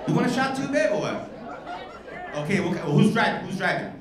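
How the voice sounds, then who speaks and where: A male stand-up comedian doing loud, profane crowd work from a club stage, teasing the audience. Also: high voice, lively intonation, fast talker. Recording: echoey live club with crowd noise. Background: audience laughter and bar chatter.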